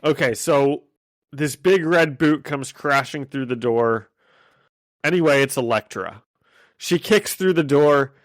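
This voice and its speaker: A man co-hosting a podcast in casual chat, excitable and quick to laugh. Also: a little high, no room sound. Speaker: podcast co-host.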